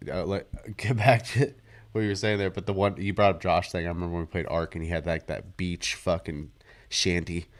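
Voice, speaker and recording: A man's voice: low-pitched, fairly even intonation, fairly quick. A man on a gaming podcast chatting casually, adding short wry quips. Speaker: podcast co-host.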